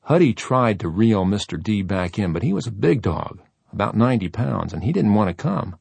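An audiobook narrator with a deep, gravelly male voice reads scripted narration. His storytelling is steady and measured, with no room sound.

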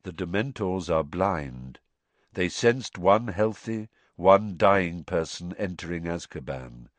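A man doing a dazed young man in flat monotone. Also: lowish voice, unhurried, no echo, close to an everyday voice. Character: young man under truth potion, dazed and hollow.

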